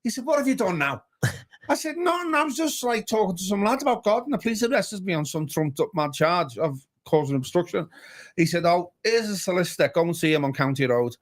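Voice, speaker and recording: A man with a Liverpool accent, a pastor telling a story as a guest, acting out each voice he quotes. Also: on the high side. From Liverpool area, England. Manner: animated, acts out each voice in his stories. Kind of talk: casual storytelling. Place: pub bar.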